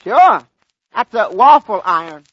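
A dim-witted tavern regular in a 1940s radio comedy. He speaks slowly in a high, bright, dopey voice. The old broadcast sounds dull. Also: big pitch swings, breathy edge, no echo, heavily acted.

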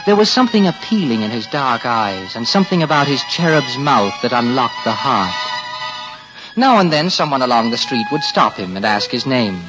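A man narrating a storybook tale with expressive, swinging delivery. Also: mid-range voice, moderate pace, lo-fi sound, music in the background.

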